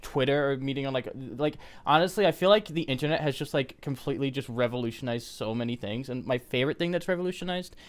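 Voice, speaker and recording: A man hosting a casual podcast, talking in an excitable, jokey, teasing way. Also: mid-range voice, quick pace, hardly any pauses. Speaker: podcast host.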